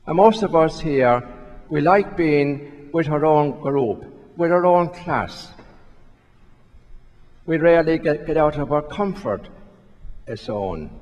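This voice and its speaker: A priest preaches in a large church, and his words ring out with a long echo. He talks slowly and a little high for a man. His delivery stays conversational and self-questioning, with a storyteller's repetitions. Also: a little mellow, lo-fi sound. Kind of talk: sermon. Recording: long reverb of a church hall.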